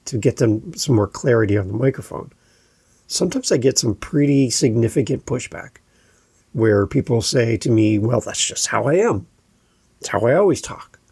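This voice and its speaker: Canadian guy with a canadian accent, husky mellow voice, earnest podcast coach talking, restarts a lot. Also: medium pitch, no room sound. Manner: earnest, explanatory, with frequent restarts. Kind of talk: podcast monologue.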